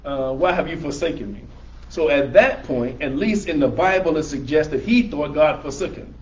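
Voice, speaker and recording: A man leading a religious class, talking through verses in an easygoing, explanatory way and restating them in everyday words. His voice sits a little high for a man, and the camera audio is dull and lo-fi. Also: moderate pace. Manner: conversational, rephrasing verses in plain words. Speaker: religious teacher. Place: room with a small audience, filmed by camera.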